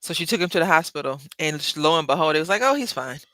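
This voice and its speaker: Talking rapid-fire in a low-pitched, fairly bright voice, a woman hosts a casual craft livestream, rambling to viewers and correcting herself while she works. There's no room sound.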